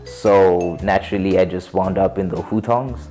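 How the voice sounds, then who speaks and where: A man with a South African accent, recalling his time teaching abroad in a slow, low-key documentary interview. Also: steady tone, mellow, faint music behind.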